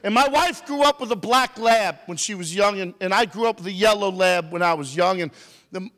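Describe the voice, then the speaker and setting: A man's voice: high voice, a little fast, fairly bright tone, long reverb tail. A man giving a comedic motivational talk to a youth audience, playful and teasing with the crowd. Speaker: motivational speaker.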